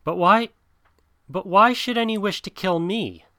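A man voicing an earnest, bold young boy raised by wolves in a storybook reading, speaking higher and eagerly. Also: animated, unhurried, pushed and bright, clean tone, dry recording, studio quality. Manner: higher and eager, sometimes sullen.

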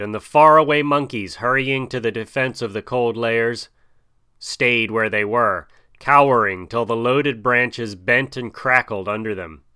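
Crisp, bright-voiced male storyteller. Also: medium pitch, no room sound, studio quality. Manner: measured, expressive reading. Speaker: narrator. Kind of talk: storybook reading.

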